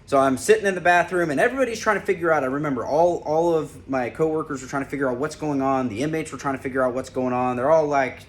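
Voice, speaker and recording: A man's voice: on the high side, fast, hardly any pauses, a little hiss or hum. A former corrections officer, a man, casually telling a lighthearted story and laughing as he recalls it. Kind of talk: casual personal storytelling to camera.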